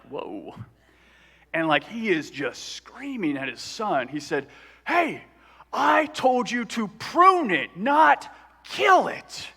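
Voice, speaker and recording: Guy preaching a sermon, pretty high voice, big echoey church hall, keeps asking the crowd stuff. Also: bright, forceful tone. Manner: conversational, asks the congregation questions. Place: church sanctuary.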